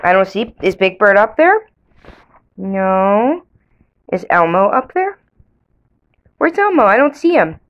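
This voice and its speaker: A mother coaxing her toddler with slow, sing-song questions. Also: medium pitch, big pitch swings, lo-fi sound.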